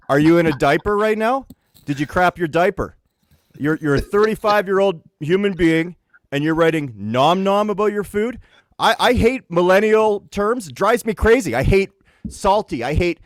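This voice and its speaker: A middle-aged man from Canada rants with sarcasm, his pitch leaping and swooping in lively swings. He is on the higher side for a man. The sound is close and dry. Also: moderate pace, no room sound. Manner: exasperated, sarcastic, mocking voices. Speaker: podcast co-host. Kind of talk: comedic rant.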